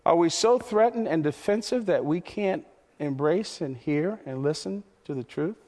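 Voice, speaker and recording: A man preaching a sermon as pastor, impassioned and repetitive, his voice climbing toward near shouts. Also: fairly high pitch, expressive, normal speed, long reverb tail.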